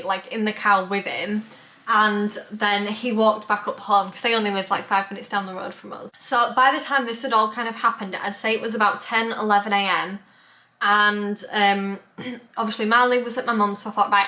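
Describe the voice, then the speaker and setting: A young woman telling a story to camera in a chatty, animated way. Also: mid-range voice. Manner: chatty, animated, lots of "like" and "bless her". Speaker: vlogger.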